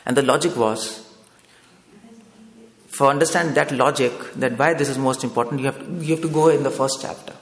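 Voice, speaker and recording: Here a man with a mid-range voice and fairly even intonation preaches briskly in a temple hall. His listeners are questioned step by step, and he often asks "no?" to bring them along. Long reverb echoes through the hall.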